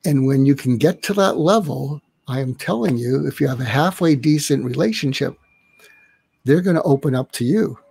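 A man's voice: mid-range voice, vocal fry, darkish tone, slightly rough, no echo. An older man, a psychiatrist guest on a live online interview, explaining ideas and acting out example dialogues. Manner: role-plays inner dialogue to illustrate. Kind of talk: conversational interview. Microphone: online live stream.

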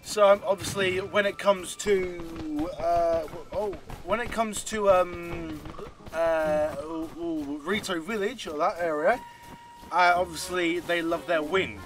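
A man hosting a let's play, rambling in excitable self-talk as he plays. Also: high-pitched, slow, over music. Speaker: gaming channel host.

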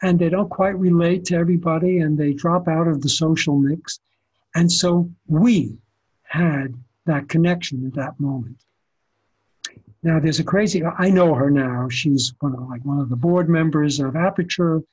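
An older photographer tells anecdotes in a relaxed interview. His voice is husky and sits slightly high. He talks animatedly and often restarts his phrases. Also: moderate pace, muffled recording. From the Bronx, New York. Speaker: photographer guest. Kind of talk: conversational storytelling interview.

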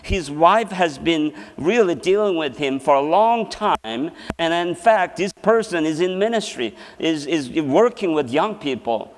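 A man's voice: a little high, expressive, unhurried, few pauses. A man giving a sermon as a seminar presenter, telling a personal story and laughing often as he talks. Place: church hall. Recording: long hall reverb.

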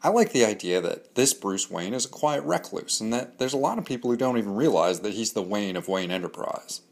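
A man's voice: lowish voice, animated, brisk, creaky. A man hosting a comics analysis show, giving candid, opinionated reviews in a scripted monologue with dry jokes. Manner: candid, opinionated, dryly joking.

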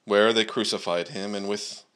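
A man preaching at a church service, praying and then reading scripture aloud in a measured way, with frequent "uh" and "um" fillers. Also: lowish voice, fairly even intonation, fairly bright tone.

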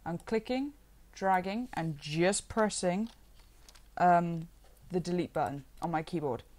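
A woman's voice: fairly low pitch, measured pace, darkish tone. Chatty woman giving a modding tutorial. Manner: chatty, rambling, with self-deprecating asides. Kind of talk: casual screen-recorded software tutorial.

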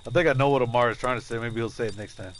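A man's voice: medium pitch, rapid-fire, rough recording. A middle-aged man chatting casually over his gameplay, laughing often and talking to his chat and teammates. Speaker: gaming streamer.

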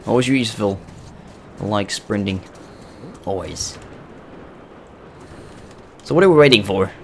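A young man giving casual commentary on a game playthrough, excitable and swearing at scares. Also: fairly low pitch, unhurried. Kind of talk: casual let's play commentary. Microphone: desk mic with facecam. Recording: gameplay noise under voice.

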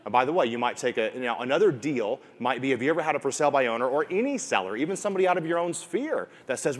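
A man's voice: mid-range voice, big pitch swings, fast, hardly any pauses. A man coaching real estate agents in a seminar, repeating key points and acting out clients' lines. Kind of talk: motivational seminar talk. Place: room with an audience. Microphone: wearing a mic.

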